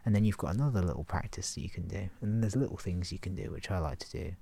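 A man talking in a relaxed, rambling way about self-awareness, laughing softly and acting out his inner thoughts. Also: low-pitched, quick pace, creaky, breathy edge. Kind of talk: relaxed casual monologue.

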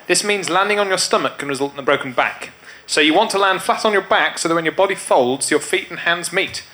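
A man's voice: high voice, fairly quick, sharp tone. A man, the show's producer, explaining the answers in a matter-of-fact way. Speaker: show producer giving answers. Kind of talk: live comedy panel show.

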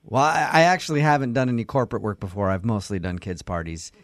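A man's voice: lowish voice, fairly even intonation, fast talker, dry recording, studio quality. A man hosting a radio morning show, pulling a prank call with upbeat, reassuring patter.

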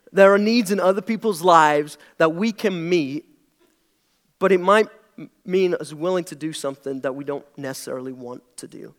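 A man's voice: a little high, moderate pace. A young British man preaching a sermon to his congregation in a chatty, joking way. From Britain. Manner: conversational and jokey, leaning into his words. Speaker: pastor. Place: church hall before a congregation.

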